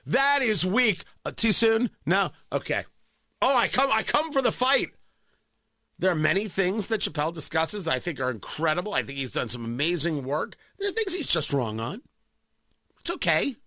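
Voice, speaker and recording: Sarcastic talk radio guy, high voice swinging all over, punchy and bright. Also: sing-song, normal speed, no echo, studio quality. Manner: combative, sarcastic, emphatic repetition. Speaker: radio talk show host. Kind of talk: opinionated talk radio monologue.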